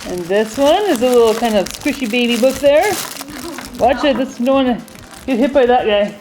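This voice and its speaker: A woman's voice: fairly high pitch, normal speed, poor audio. A woman hosting a playful family video, cheerfully announcing each toy and laughing often. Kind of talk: playful commentary. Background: music.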